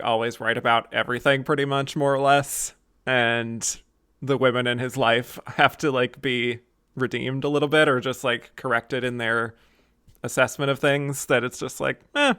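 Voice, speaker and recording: A man's voice: medium pitch, pushed and bright, clear, resonant tone, no room sound, clean studio sound. A man hosting a podcast, chatting casually and wryly about a film, laughing often. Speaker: podcast host.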